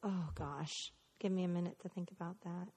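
A woman's voice: fairly low pitch, fairly even intonation, normal speed, warm tone, husky, long reverb tail. A woman co-hosting a podcast in casual chat, backing up her partner. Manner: chatty, laughs and backs up her partner. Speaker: podcast co-host.

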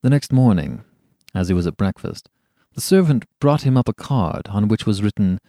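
A man reads a classic story aloud in a measured, expressive way. His pitch moves a lot as he shapes each sentence. The sound is close and dry, with no room echo. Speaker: podcast narrator. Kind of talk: scripted storybook narration.

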